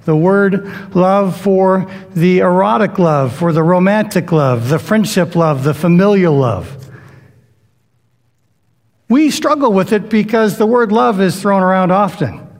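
High-voiced preacher in a reverberant hall. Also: male voice, unhurried. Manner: conversational preaching, acts out quoted voices. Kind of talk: sermon.

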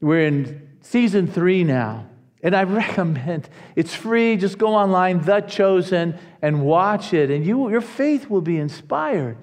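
A man preaching a sermon to his congregation, earnest and animated, often restarting his phrases. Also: high-pitched, slow, long reverb tail. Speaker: pastor.

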